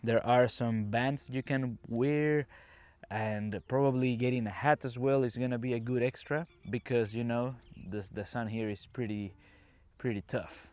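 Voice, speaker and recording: A man's voice: medium pitch, steady tone, unhurried, a little mellow, dry recording. A man from a Caribbean island, an English teacher hosting a casual podcast, talking chattily to the listener while walking around a campsite, recorded on his phone. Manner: chatty, explanatory, addresses listener directly. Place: campsite, outdoors.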